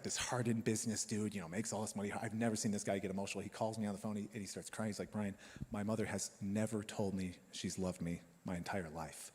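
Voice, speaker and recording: A man's voice: medium pitch, in a large hall. A man preaching a sermon as pastor, in a conversational style with joking asides to his congregation. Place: church hall.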